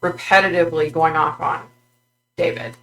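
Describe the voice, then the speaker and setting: A woman vlogger recounting a psychic vision in a halting way, with many fillers and restarts. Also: sits low, steady tone, sharp tone, a little hiss or hum, low-quality recording.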